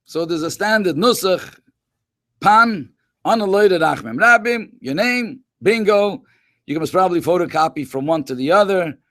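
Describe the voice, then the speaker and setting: A man's voice: high-pitched, lively intonation, moderate pace, fairly bright tone, dry recording, clean studio sound. A man, a rabbi and educator, telling stories to schoolchildren in a conversational way, full of Hebrew and Yiddish terms. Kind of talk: storytelling talk to schoolchildren in a webinar.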